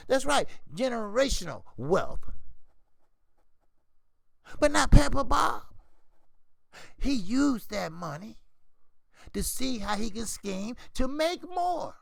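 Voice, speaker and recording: Gravelly animated man ranting about boxing. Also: very high voice, slow pace, pauses often, no room sound. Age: older. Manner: animated, preachy, repeats "you see?". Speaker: boxing channel host. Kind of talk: casual opinionated commentary.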